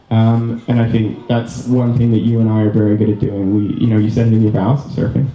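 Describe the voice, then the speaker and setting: A man's voice: on the low side, monotone, a little fast, few pauses, warm tone. Man from Canada rambling a wedding speech. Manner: rambling and earnest, many ums and restarts. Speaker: groom. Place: wedding reception room. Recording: distant, roomy, slightly dull hall recording.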